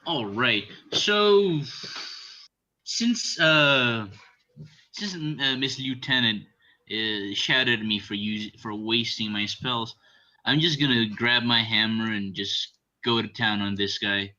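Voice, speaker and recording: Slow, tense-toned man playing a tabletop game. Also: mid-range voice, pushed and bright. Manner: drawn-out, hesitant, with fillers. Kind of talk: casual chat at a game table.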